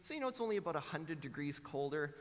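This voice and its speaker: A man's voice: a little high, fast, long reverb tail, a little hiss or hum. A Canadian man giving a conference talk, self-deprecating and joking as he speaks to the audience. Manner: self-deprecating, joking, animated quoted voices. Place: large lecture hall.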